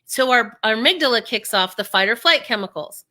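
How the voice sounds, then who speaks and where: A woman speaking coach as an interview guest, energetic and acting out inner voices as she explains. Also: a little high, fairly quick.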